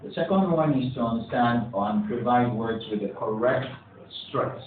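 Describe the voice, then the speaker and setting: A man's voice: mid-range voice, normal speed. A man teaching a pronunciation lesson to a class, encouraging the students, putting questions to them and praising their answers. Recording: echoey, distant, phone-like with faint hiss.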